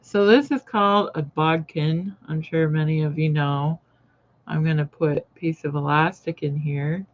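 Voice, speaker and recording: In a low, unhurried voice with fairly even intonation, a sewing channel host chats casually on a live stream, rambling and greeting viewers by name as she works. The audio comes through dull and lo-fi.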